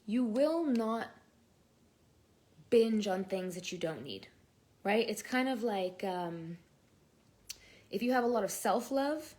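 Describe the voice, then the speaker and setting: A woman's voice: mid-range voice, lively intonation, slow, pauses often, darkish tone. Chatty, earnest young woman teaching. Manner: chatty and earnest, with frequent fillers and restarts. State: pregnant. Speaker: online course teacher. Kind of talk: casual talk-to-camera lesson. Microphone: built-in mic, no headphones.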